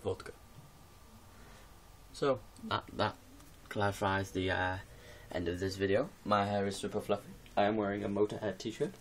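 A man's voice: fairly low pitch, little pitch movement, normal speed, few pauses, slight background noise. A man vlogging in his bedroom in casual, rambling chat to camera, giggling often. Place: bedroom with music posters on the wall.

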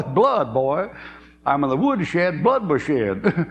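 This preacher, a man in his 70s, has a fairly high, sing-song voice and takes it slowly. His sermon is folksy, full of stories, frequent laughs and drawled asides. The recording is dull lo-fi tape carrying a faint hum.

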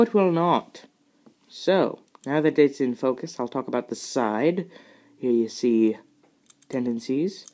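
A man's voice: medium pitch, darkish tone. A young man giving a casual, rambling review of a model car, chatty and self-mocking, with plenty of fillers.

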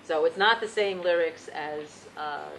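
Soft-spoken woman leading a song workshop. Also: low voice, measured pace, a little hiss or hum, low-quality recording. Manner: gentle, patient explaining with fillers. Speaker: Yiddish song leader. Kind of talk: teaching a singing workshop.

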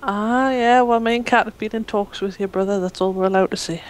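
A woman's voice: mid-range voice, steady tone, fairly quick. A woman co-hosting a casual live-streamed talk show, answering in brief, dry replies. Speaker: co-host.

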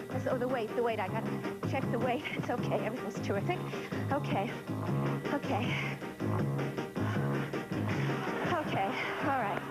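Frazzled middle-aged mom, high-voiced and frantic, stammers and scolds an unseen teen. Theatrical monologue delivery. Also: female voice, poor audio. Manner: frantic, stammering, exasperated, talking to an unseen child. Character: frazzled middle-aged mother of a teenage daughter. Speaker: stage actress in a one-woman show. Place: theater stage.

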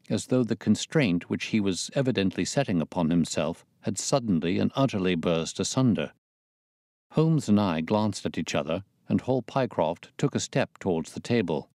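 A man narrating a classic detective story in a measured, even reading manner. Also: low-pitched, no echo, studio quality. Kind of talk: audiobook narration.

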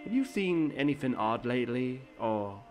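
A man's voice: mid-range voice, very animated, normal speed, a little mellow, lightly acted. A man voicing a polite, reserved young hero who narrates a story game in mild, formal phrasing. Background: game music.

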